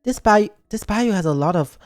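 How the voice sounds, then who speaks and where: A man voicing an awkward schoolteacher on a field trip, hesitant and with lively pitch. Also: moderate pace, no room sound, clean studio sound, soft background music.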